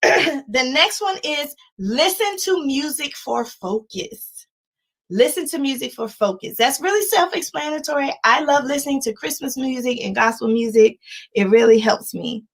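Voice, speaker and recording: A woman in her forties giving a livestreamed life-coaching talk, emphatic and animated, chanting repeated words and laughing often. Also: high-pitched, normal speed, low-quality recording.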